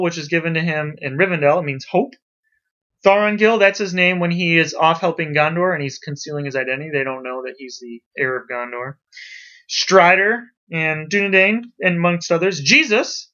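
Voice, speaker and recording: A man teaching a class, talking to students in a lively, emphatic way. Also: a little high. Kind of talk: classroom lecture. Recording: dull lo-fi recording.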